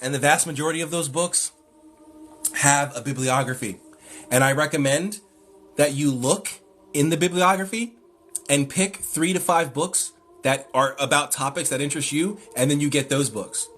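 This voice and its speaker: High bright-voiced guy on a livestream, exasperated, lecturing, punchy. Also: normal speed, faint music behind. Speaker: live stream host. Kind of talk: live stream rant answering chat.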